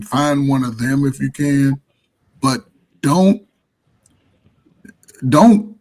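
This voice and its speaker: A man's voice: mid-range voice, husky, low-quality recording. A man hosting a panel discussion, talking in a loose, rambling way with frequent restarts. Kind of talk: casual chat.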